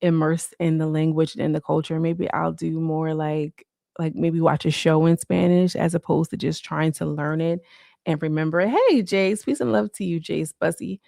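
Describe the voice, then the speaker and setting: A woman talks to her live-stream viewers from home in a loose, rambling way, peppering every thought with "like." Her voice sits on the low side with a gravelly, fry-laden edge. The sound is dry and close, with no room echo. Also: steady tone, normal speed, dark tone. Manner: rambling, loose, full of "like" fillers. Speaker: livestreamer. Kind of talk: casual live-stream chat.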